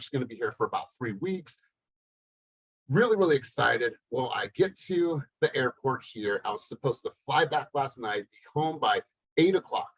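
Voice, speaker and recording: A man's voice: mid-range voice, no room sound, poor audio. Guy coach on a webcam call from a hotel room, dry close sound, acts out the convo in his story. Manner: animated, acts out both sides of a dialogue. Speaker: sales coach hosting a group coaching call. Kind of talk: casual storytelling to a team. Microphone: laptop or webcam on a video call.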